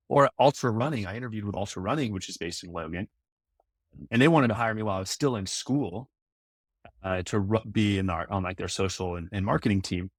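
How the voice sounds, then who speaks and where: A man's voice: on the low side, brisk, no echo, studio quality. A man chatting as a podcast guest, telling rambling stories full of "like" and "you know.". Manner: rambling storyteller, lots of fillers. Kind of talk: casual podcast chat.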